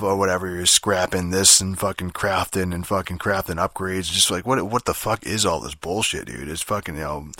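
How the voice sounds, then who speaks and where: A man's voice: deep voice, bright, forceful tone, dry recording, studio quality. A young man rambling through a profane, filler-heavy review of a video game. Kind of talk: casual spoken game review rant.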